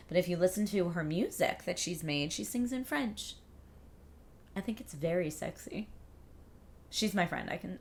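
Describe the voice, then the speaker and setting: A woman's voice: lowish voice, bright, forceful tone. A woman hosting a livestream, chatting casually and reading out viewer comments in an upbeat, rambling way. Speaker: livestream host.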